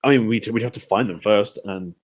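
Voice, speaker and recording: Man, player, excitable and profane, muffled lo-fi mic. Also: fairly low pitch, brisk. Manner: excitable, swears often, trails off mid-sentence. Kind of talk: casual chat at a tabletop game.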